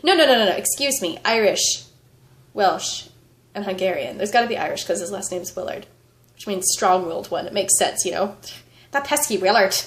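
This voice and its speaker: A woman's voice: mid-range voice, animated, quick pace, slight background noise. A woman vlogger with a fever, chatting casually and rambling, with frequent laughter. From United States. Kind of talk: casual vlog chat.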